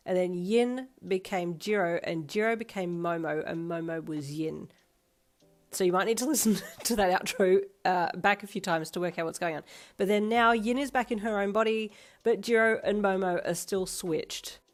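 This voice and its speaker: Australian woman narrating fanfiction. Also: fairly low pitch. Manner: steady, plain reading, chatty outro. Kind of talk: scripted story narration. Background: faint background music.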